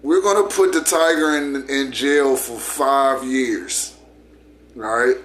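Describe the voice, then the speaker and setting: A man voicing a male lion king in a spoken fable, calmly judging an argument. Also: medium pitch, takes it slowly, reverberant, slight background noise. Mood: dismissive.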